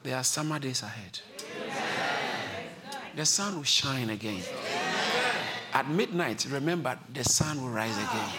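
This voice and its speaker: A man preaching a sermon with passion, repeating his lines and climbing to high shouts, with a congregation answering him. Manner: impassioned, repeats phrases, builds to high shouts. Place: church service. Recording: live congregation audible.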